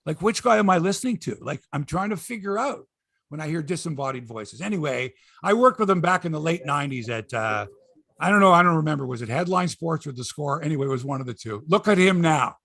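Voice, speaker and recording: A man's voice: on the high side, expressive, brisk, fairly bright tone, dry recording, studio quality. A middle-aged man hosting a sports podcast in casual chat, rambling, opinionated and joking. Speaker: podcast host.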